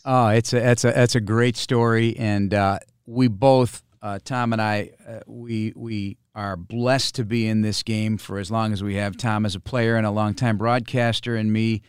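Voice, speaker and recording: A man hosting a sports podcast and interviewing a guest, speaking in a measured broadcaster's way with frequent fillers. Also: fairly low pitch, fairly even intonation, clean tone, no room sound, clean studio sound.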